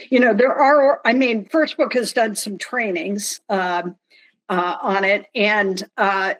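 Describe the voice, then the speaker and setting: A woman talking on an online panel over a video call, unhurried and measured. She lays out her points slowly at an ordinary pitch, with a dry, wry edge. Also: low-quality recording. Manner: deliberate, dry wry humor. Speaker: panelist from a nonprofit.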